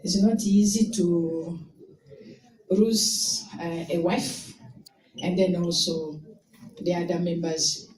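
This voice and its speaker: A woman from Rwanda giving an emotional tribute speech at a memorial, rising at times to loud exclamations. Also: lowish voice, steady tone, slow, long pauses. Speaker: invited speaker at a memorial. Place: indoor event hall. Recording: echoey hall recorded from far off with crowd. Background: crowd of attendees.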